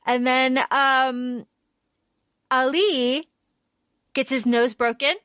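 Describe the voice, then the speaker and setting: A woman's voice: high-pitched, slow, long pauses, a bit bright, clean tone, dry recording. A woman co-hosting a podcast, chatting casually about a book and retelling scenes with quoted dialogue. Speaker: podcast co-host.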